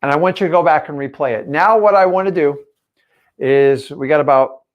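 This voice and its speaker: A man's voice: on the high side, fairly quick, highs cut off. A man teaching in a live stream, punchy and emphatic, firing rhetorical questions at his viewers. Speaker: real estate coach.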